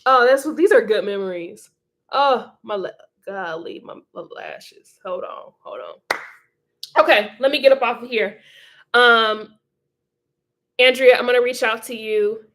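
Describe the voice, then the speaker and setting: A woman's voice: a little high, measured pace, long pauses, fairly bright tone. A woman hosting a casual livestream, reading viewer comments in a chatty, encouraging way and laughing often. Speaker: livestream host.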